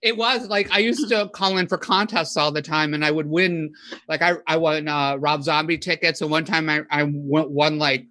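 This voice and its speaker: A woman guest on a podcast, chatting casually and telling animated stories that she acts out in loud bursts. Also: sits low, moderate pace. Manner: animated storyteller, voices her past panic in loud bursts. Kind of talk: casual chat, storytelling.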